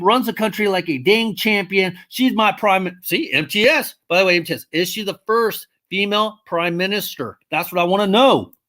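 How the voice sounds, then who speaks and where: Answering comments from viewers, this casual streamer is blunt and swears freely, rambling and fixing their own words mid-thought. The voice sounds a touch bright and climbs steeply in pitch whenever they get heated.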